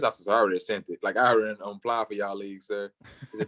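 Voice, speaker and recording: A young man, a football player, telling his story in an interview and acting out the people he quotes, sometimes jumping way up in pitch for their lines. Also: steady tone, very fast, fairly bright tone. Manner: acts out quoted voices, jumping high for other people.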